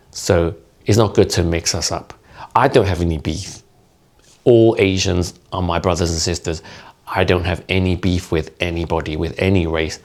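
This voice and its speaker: A man's voice: deep voice, gravelly. A man whose first language is Cantonese, chatting directly to camera as a video creator. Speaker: YouTube creator. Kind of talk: casual vlog commentary.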